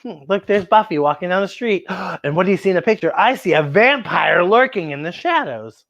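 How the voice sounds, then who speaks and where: A woman reading a picture book aloud to children, animated and exclamatory, asking her young listeners questions. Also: on the low side, a little fast, lo-fi sound. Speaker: children's storyteller.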